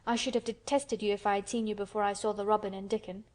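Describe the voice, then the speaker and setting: A woman's voice: mid-range voice, level tone, fast talker, close to an everyday voice. A woman voicing a stubborn young orphan girl who talks in a frank, earnest, matter-of-fact way.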